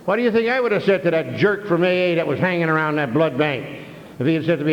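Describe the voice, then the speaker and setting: A man's voice: on the high side, expressive, fast, slight background noise. An older man telling a humorous story to a convention audience, folksy and full of "you know", on a dull 1993 hall recording. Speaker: recovery meeting speaker.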